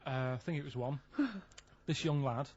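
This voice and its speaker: Man, radio regular, mid-pitched, plain deadpan rambling, dull lo-fi broadcast sound. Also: normal speed. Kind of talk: casual radio chat, storytelling. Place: radio studio.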